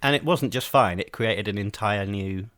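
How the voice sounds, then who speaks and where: Male podcast co-host, low, dry close mic, hesitant ramble. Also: moderate pace, a bit bright, dry recording. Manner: rambling, hesitant, many ums. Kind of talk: casual chat.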